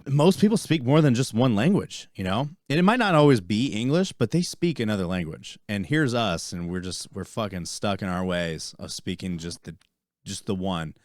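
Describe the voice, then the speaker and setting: A man hosting a podcast, talking in an animated way and swearing freely. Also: fairly low pitch, normal speed, dry recording, studio quality. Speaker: podcast host. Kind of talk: casual interview.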